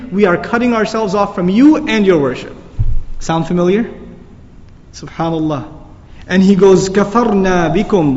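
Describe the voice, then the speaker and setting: A man's voice: high-pitched, darkish tone. A man teaching a Quran lecture, explaining Arabic words and reciting verses, recorded lo-fi in a reverberant hall.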